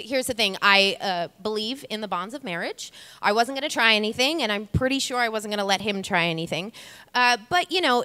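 Wry, bright-voiced woman telling a story. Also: on the high side, smooth. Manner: chatty, wry, talks straight to the audience. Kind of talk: live comic storytelling. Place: stage before a live audience. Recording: long reverb of a live venue.

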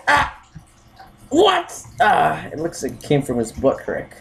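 A gaming video host with a wildly swinging pitch that jumps into yelps and shouts, laughing and taunting the game's characters. The delivery is drawn out and unhurried between outbursts. A faint hiss of noise sits behind the voice. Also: big pitch swings, gravelly. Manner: talks to game characters, taunting. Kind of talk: let's-play commentary.

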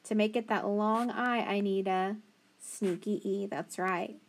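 A woman's voice: medium pitch, fairly even intonation. Patient woman teaching phonics to kids. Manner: patient, encouraging, sounds out letters slowly. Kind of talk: phonics lesson for young children.

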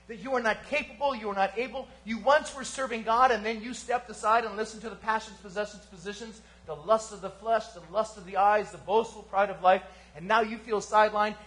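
A man preaching a sermon as pastor at a church service, swinging from fervent emphasis to hushed, quiet lines. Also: sits high, a little fast. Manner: animated preaching with sudden quiet drops.

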